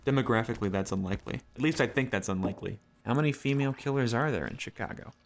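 A middle-aged man voicing a world-weary male duck private eye who narrates a noir game in a dry, deadpan, wisecracking way. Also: mid-range voice, racing, a little hiss or hum, close to an everyday voice. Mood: wry.

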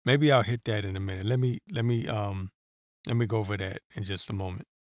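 A man's voice: on the low side, steady tone, brisk, dry recording, clean studio sound. A man hosting a solo podcast, talking in a rambling, heated way with profanity and many fillers. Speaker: podcast host. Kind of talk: solo political commentary.

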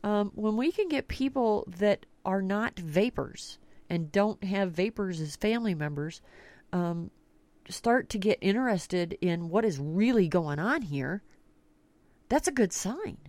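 A woman's voice: medium pitch, expressive, a little slow, a little mellow, no echo. A woman hosting a talk radio podcast, telling stories in a casual, blunt way and swearing freely. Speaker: podcast host.

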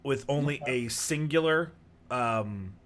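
A man's voice: medium pitch, slow. Man, game master, narrating a tabletop game, laid-back, rambling with fillers. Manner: relaxed, rambling descriptions with fillers.

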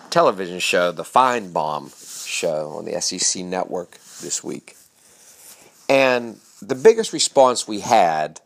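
Emphatic man with a lively voice. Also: low voice. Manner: emphatic, repetitive short punchy phrases. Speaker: motivational speaker and show host. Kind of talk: motivational monologue.

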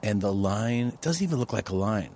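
Man, comedian guest, lowish pitch, wry storytelling, faint room hiss. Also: animated, moderate pace. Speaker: podcast guest. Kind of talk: casual chat among comedians. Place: rented home.

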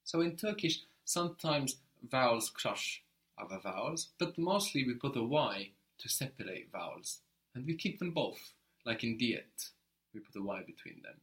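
A man teaching a one-on-one language lesson, explaining patiently and often checking with a quick question. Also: mid-range voice, big pitch swings, a bit bright.

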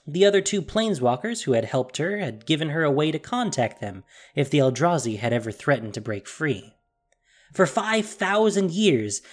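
A narrator reading a fantasy story aloud in an expressive, dramatic storytelling manner. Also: mid-range voice. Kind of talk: scripted audiobook narration.

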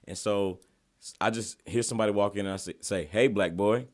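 A man hosting a podcast, telling an animated story in casual chat with slang and profanity. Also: lowish voice, fast. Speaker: podcast host.

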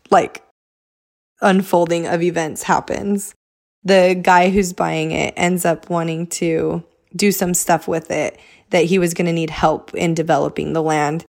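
A young woman talks straight to her viewers, recounting a personal story in a loose, chatty vlog style. Her voice sits a little low. She leans on fillers and often breaks into quick voices for what people said. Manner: chatty, filler-heavy, acts out quotes. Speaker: vlogger. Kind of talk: casual storytelling to camera.

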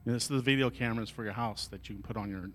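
A man's voice: lowish voice, racing, a bit bright. A male pastor delivering a sermon at a church service, telling an emotional story and moving into fervent prayer.

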